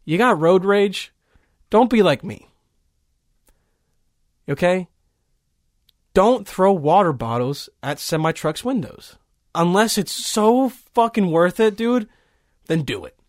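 High-voiced man rambling on a podcast. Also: big pitch swings, slow, pauses often, no room sound, studio quality. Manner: rambling, profane, heavy with fillers. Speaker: podcast host. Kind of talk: casual podcast rant. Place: small recording studio.

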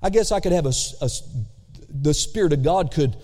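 A slightly high, mellow male voice leads a sermon in a church sanctuary. He lingers on important words and uses call-and-response. Long church reverb surrounds the sound.

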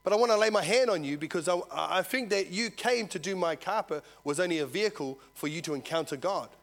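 A man preaching a sermon, telling a story and swinging from loud to hushed. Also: high voice, animated, fairly quick. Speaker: visiting preacher.

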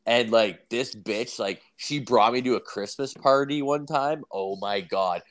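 A man's voice: medium pitch, a little slow. A young man chatting casually with friends, his storytelling loose and profane. He keeps restarting his sentences and packs them with fillers. His voice sits in an ordinary middle range. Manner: rambling, profane storytelling full of "like". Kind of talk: casual chat.

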